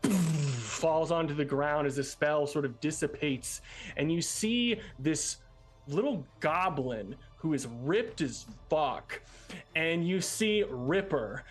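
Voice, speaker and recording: Male GM, slightly high voice, unhurried loose narration. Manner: relaxed, filler-heavy storytelling. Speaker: game master. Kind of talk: narrating a tabletop game.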